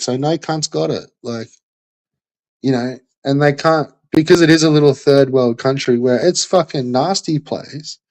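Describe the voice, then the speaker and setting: A man in a profane rant, talking bluntly and loosely with constant slang and fillers. His voice sits at an ordinary middle pitch. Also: darkish tone, poor audio. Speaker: commentator on a streamer. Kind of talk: ranting monologue.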